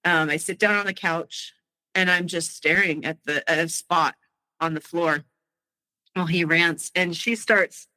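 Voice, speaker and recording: A woman telling her own story of a frightening night at home, halting and emotional, with frequent restarts. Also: fairly low pitch, steady tone, bright, forceful tone, poor audio. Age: adult. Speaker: guest sharing her story. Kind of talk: personal storytelling.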